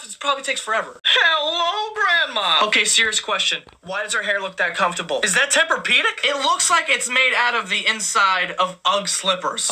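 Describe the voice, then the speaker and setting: A man's voice: sits high, sharp tone. A young man giving crude, profane, sarcastic commentary that roasts people for laughs. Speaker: comedy commentator. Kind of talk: mocking comedic commentary.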